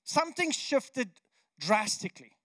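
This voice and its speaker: A man preaching a sermon in a conversational, animated way, often restarting his sentences. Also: extremely high pitch, unhurried, no echo. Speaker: pastor.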